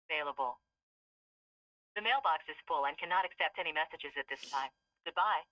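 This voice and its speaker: A woman's voice: sits low, brisk, dry recording. Automated woman's voice on a distant phone line. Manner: flat, formal, clipped. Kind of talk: recorded phone prompt.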